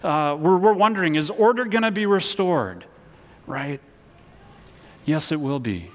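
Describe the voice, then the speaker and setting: A man's voice: on the high side, sing-song, a little slow. Earnest man preaching in a reverberant hall. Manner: earnest, repeats words, leads call-and-response. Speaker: pastor. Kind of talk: sermon.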